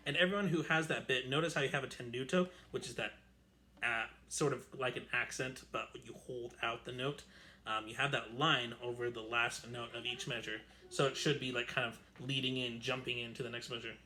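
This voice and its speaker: A man's voice: mid-range voice, fairly even intonation, brisk, over music. A man teaching a string orchestra lesson on camera from home, counting and singing rhythms aloud and chatting with fillers. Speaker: music teacher. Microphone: camera mic.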